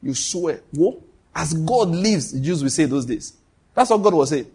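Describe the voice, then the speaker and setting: A middle-aged man preaches to his congregation in an animated, conversational way. His voice sits a little high and has a husky edge. He leads call-and-response and drops into quoted voices as he tells stories. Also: moderate pace. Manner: animated, laughs often, shifts to quoted voices. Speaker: pastor. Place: church hall before a congregation.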